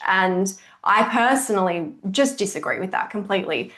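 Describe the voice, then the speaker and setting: On her coaching podcast, a kids' jiu jitsu coach chats casually and tells stories with animated expression. Her medium-pitched voice moves at a moderate pace with hardly any pauses.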